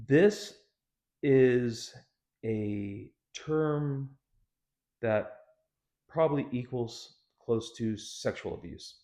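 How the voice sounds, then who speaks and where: A man's voice: medium pitch, extremely slow, pauses often, warm tone. A man pastor teaching a casual Bible study, conversational with joking, sarcastic asides.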